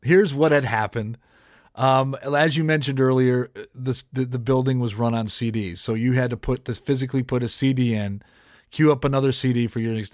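A man's voice: medium pitch, no echo, studio quality. A man who hosts a podcast and has worked as a radio DJ, telling a story in casual chat with many restarts. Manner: rambling, many restarts and self-corrections.

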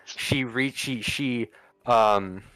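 A man's voice: medium pitch, very slow, a bit bright, rough recording. A man narrating a tabletop game as game master, casual and profane, with lots of ums and uhs.

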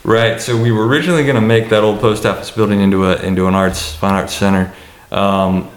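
A man's voice: fairly low pitch, steady tone, fairly quick, echoey room. A man who works as a college administrator, answering questions on a panel in a hesitant way, with many fillers and restarts.

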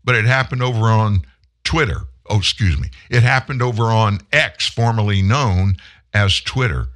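A man's voice: fairly low pitch, moderate pace, fairly bright tone. A man hosting a talk show, introducing a segment with playful asides.

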